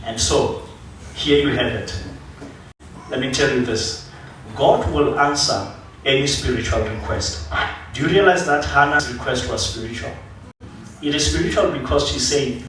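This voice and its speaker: A man preaching a sermon in a church, telling a Bible story with lively acted-out quotes. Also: medium pitch, moderate pace, long pauses, slight background noise. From South Africa. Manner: animated storytelling, acting out biblical figures. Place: church sanctuary. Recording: echoey church hall from far off.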